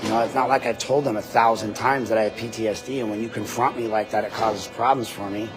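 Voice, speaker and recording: A man hosting a livestream from a body-worn camera, ranting in a loud, deep voice, combative and profane. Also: steady tone, quick pace, music in the background. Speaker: host, citizen journalist. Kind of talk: livestreamed rant. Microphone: body-worn camera mic.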